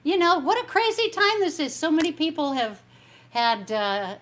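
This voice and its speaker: A woman's voice: high voice, very animated, normal speed, a bit bright, slight background noise. A woman singer hosting her own concert, chatting casually and a little meanderingly between songs, thanking viewers as she goes. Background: piano music.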